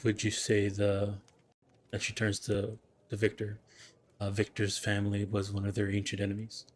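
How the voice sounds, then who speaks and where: A man's voice: lowish voice, completely flat delivery, moderate pace. A man player in a tabletop game, asking hesitant questions in character.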